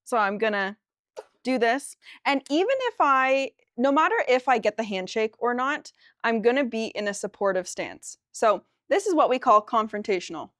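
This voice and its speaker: A woman co-presenting at a workshop, calmly demonstrating a technique and asking questions. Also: fairly high pitch, moderate pace, no echo, studio quality.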